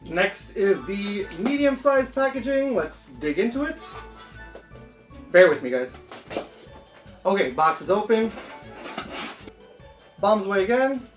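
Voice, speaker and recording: A man chatting excitedly and swearing casually through a home unboxing vlog. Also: high voice, slow pace, pauses often. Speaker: toy collector vlogger. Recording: roomy echo, faint background music.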